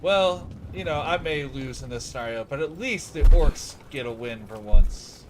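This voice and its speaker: A man's voice: a little high, animated, moderate pace. A man chatting casually while he plays a game on a livestream, rambling with lots of fillers. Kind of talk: casual gameplay commentary. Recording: loud background noise.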